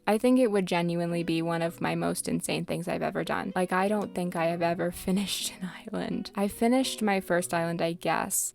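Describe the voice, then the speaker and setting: A woman's voice: mid-range voice, vocal fry, darkish tone. A young woman giving casual, rambling commentary while playing a life-sim game. She swears often and pokes fun at herself. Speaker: gaming content creator.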